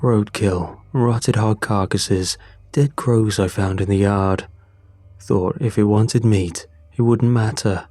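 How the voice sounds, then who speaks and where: A man voicing a dying old farmer father, hoarse and rasping, confessing weakly in a scripted horror story. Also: on the low side, dark tone, no room sound. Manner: weak, halting confession.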